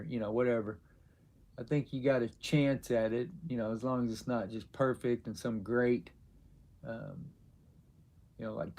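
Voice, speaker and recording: A man hosting a casual live stream, answering viewers' chat questions in a rambling, halting way with many fillers. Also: medium pitch, vocal fry, darkish tone. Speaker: livestream host.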